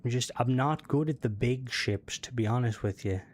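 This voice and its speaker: A man's voice: medium pitch, normal speed. A man streaming a game, thinking aloud and mumbling as he builds a ship in casual commentary.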